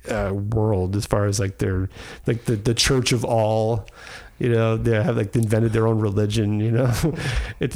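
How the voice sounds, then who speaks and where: A man's voice: mid-range voice, vocal fry, darkish tone. A man hosting a podcast in a casual chat, talking in a rambling, enthusiastic way with many fillers. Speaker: podcast host.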